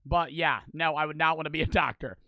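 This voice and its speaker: A young man streaming a surgery game, yelling and swearing in frantic outbursts. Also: a little high, fast, slight background noise. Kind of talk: live gameplay commentary.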